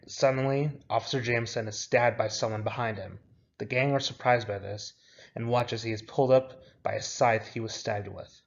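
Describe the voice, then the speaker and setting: A young man reading out his own script with its stage directions, in a plain, even way. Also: mid-range voice, normal speed, gravelly, highs cut off.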